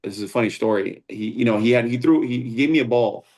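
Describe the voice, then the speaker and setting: A man's voice: mid-range voice, fast talker, a little mellow. A man, a founder and combat sports instructor, talking as a guest in a casual interview, earnest and rambling, with frequent restarts.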